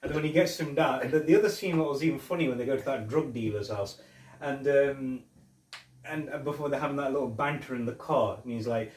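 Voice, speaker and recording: A man's voice: medium pitch, a little fast, a little mellow, slight background noise. A man hosting a casual film review podcast, rambling as he retells scenes with quoted lines. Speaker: podcast host. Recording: roomy echo, mic at a distance.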